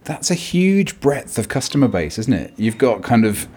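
A man's voice: mid-range voice, sing-song, moderate pace, a little mellow, breathy edge, no room sound. An upbeat male podcast host who narrates and chats on a tour. His voice sits mid-range and the sound is dry and close, with no room around it. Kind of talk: touring interview and narration.

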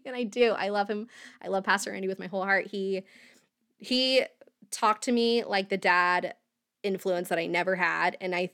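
Young woman from indiana rambling thru her own story on her podcast, lots of ums and little laughs, dry close sound, middle pitch. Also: a bit bright, clear, resonant tone, no room sound. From Indiana, USA. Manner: candid and rambling, many fillers, laughs while telling hard parts. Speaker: podcast host. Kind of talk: candid personal storytelling.

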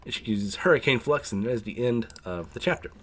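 A man giving a casual chapter recap, rambling with fillers and frequent throat clearing. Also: mid-range voice, animated, brisk, fairly bright tone. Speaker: manga reviewer.

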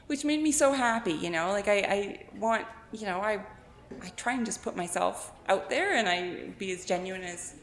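A woman author telling animated anecdotes in a casual interview, acting out quotes and laughing often. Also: mid-range voice, normal speed. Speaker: guest author and blogger. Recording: echoey room with long reverb.

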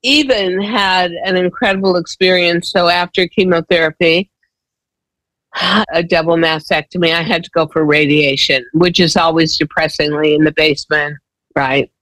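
Candid, emphatic woman with a lower voice. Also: steady tone, normal speed, fairly bright tone, no room sound, rough recording. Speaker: guest. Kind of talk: personal storytelling in a conversation.

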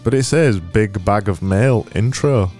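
A man's voice: fairly low pitch, unhurried, a little mellow, soft background music. A man co-hosting a casual podcast, blunt and teasing. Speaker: podcast co-host. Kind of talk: casual chat.

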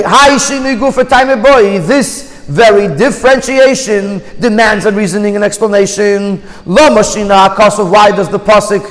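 A man's voice: sits high, big-room sound, low-quality recording. A man teaching a Torah class, reading out Hebrew phrases and explaining each one in English. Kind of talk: text study class, reading Hebrew then translating.

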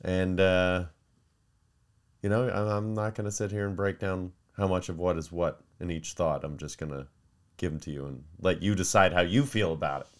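A man hosting a podcast, chatting casually in an animated way, with frequent fillers and laughter. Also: deep voice, moderate pace. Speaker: podcast host. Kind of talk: casual rambling chat.

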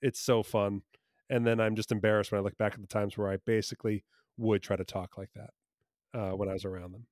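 A man's voice: on the low side, level tone, fast, darkish tone, no echo, clean studio sound. A man from New Jersey in casual podcast chat, talking in an enthusiastic, rambling way and often correcting himself.

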